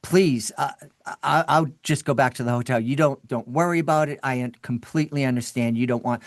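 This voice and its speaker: A man telling stories as a podcast guest, animated, often restarting and repeating words. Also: mid-range voice, a little fast, no room sound, studio quality. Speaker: podcast guest, children's podcast creator. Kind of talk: storytelling in an interview.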